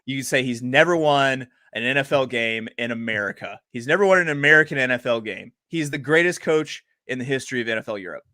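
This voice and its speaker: A young man co-hosting a casual football podcast, animated and joking, fond of comic bits. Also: medium pitch, fast, few pauses, dry recording, studio quality. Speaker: podcast co-host. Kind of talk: casual sports chat.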